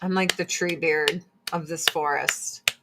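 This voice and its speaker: A woman's voice: deep voice, fairly even intonation, slow pace, heavy background noise. A woman chatting casually and bluntly while doing her makeup, swearing freely as she gives her opinions. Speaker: streamer.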